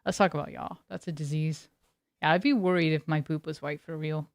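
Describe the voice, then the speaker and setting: A woman's voice: low voice, fairly even intonation, a little fast, no room sound. A young adult woman streaming as a variety streamer, chatting casually with her viewers in a rambling, talkative way and laughing often. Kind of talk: casual chat with live viewers.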